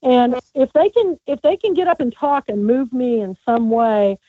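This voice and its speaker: A woman's voice: high voice, moderate pace, no room sound. A woman guest author calling in, telling rambling stories with lots of restarts. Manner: chatty, rambling, stammering restarts. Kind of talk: casual storytelling interview. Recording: thin phone-line sound.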